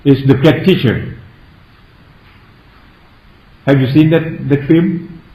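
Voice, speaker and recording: A man who speaks Thai natively, a Buddhist monk giving a Dharma talk in non-native English, slowly questioning his listeners and repeating key phrases. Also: on the high side, dark tone. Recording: echoey room.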